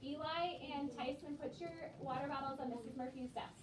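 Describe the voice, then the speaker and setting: A woman's voice: high-pitched, brisk. A woman teacher leading a class read-aloud, patiently prompting children word by word in a classroom. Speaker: elementary school teacher. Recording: echoey room, distant mic, background noise.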